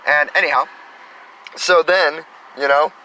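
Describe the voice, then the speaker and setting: Vlogger, man in his thirties, bright forward tone, meandering and upbeat, outdoors with faint traffic behind. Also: fairly high pitch, steady tone, a little slow, low-quality recording. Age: 30s. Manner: enthusiastic, meandering, spiritual self-talk. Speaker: spiritual vlogger. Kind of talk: rambling casual monologue.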